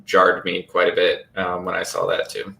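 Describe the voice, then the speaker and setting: A man hosting a podcast, chatting casually and telling stories in an animated way. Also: sits low, moderate pace, vocal fry. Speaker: podcast host. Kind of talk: casual chat. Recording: echoey room.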